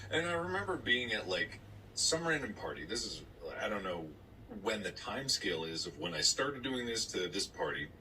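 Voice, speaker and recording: A man co-hosting a podcast, telling a story in casual chat and acting out other people in high voices. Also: moderate pace, recorded from a distance, a little hiss or hum, rough recording. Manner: animated storyteller, acts out voices in high squeaks. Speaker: podcast co-host.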